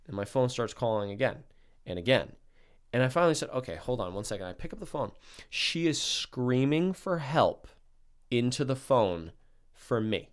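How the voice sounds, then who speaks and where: A man's voice: mid-range voice, normal speed. A young man casually telling a wild story on a podcast, swearing freely and acting out what people said. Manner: animated, swears a lot, acts out quotes.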